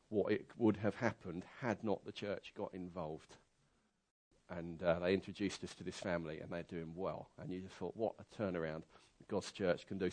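Preaching in a conversational style, this man tells a story that shifts between hushed side remarks and loud, excited bursts, with a fairly low pitch.

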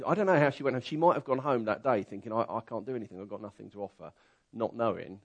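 A man preaching a conversational sermon, telling a story that swings from quiet asides to loud, excited bursts. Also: lowish voice.

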